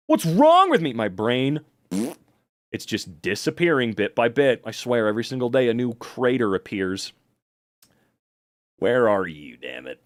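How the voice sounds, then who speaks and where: A man's voice: medium pitch, no room sound, studio quality. A tired man chatting casually on a livestream, reading the chat, rambling and swearing a lot.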